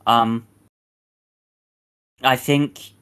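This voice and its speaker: A man's voice: mid-range voice, steady tone, fairly bright tone, smooth. Guy hosting a chill podcast, mid voice, careful and kinda hedgy. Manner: measured, thoughtful, hedging. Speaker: podcast host. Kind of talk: casual podcast chat.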